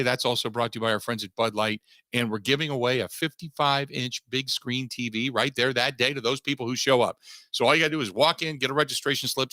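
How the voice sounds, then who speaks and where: A man's voice: medium pitch, bright, forceful tone, no room sound, clean studio sound. A man hosting a sports talk radio show, emphatic and repeating himself for stress as he argues his point. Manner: emphatic, repetitive restarts.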